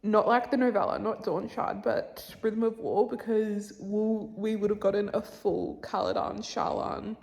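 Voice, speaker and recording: A young woman talking in a casual reading vlog at home, recorded on a camera mic. She is chatty and gushing and often lets her voice slip down to a near whisper. Her pitch sits in the middle range. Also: a little slow, vocal fry, few pauses, a little mellow. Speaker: book vlogger.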